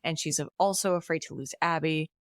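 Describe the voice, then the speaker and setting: A woman co-hosts a podcast and retells a film's plot in a casual, lively way. Her voice sits a little low, she slips into quoted lines now and then, and the close mic sounds dry. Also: brisk, no echo. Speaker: podcast co-host recapping a film. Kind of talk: casual chat, plot recap.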